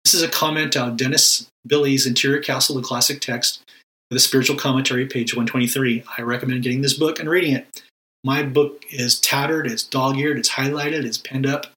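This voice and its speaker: A man's voice: medium pitch, fairly even intonation, fairly quick, sharp tone, rough recording. A man giving a casual, emphatic talk on prayer, often repeating words and asking rhetorical questions. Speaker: Christian teacher on prayer. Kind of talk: casual spoken teaching.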